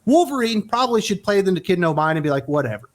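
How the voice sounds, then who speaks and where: A man hosting a casual opinion chat, talking in an emphatic, animated way. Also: high voice, fast talker. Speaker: podcast host.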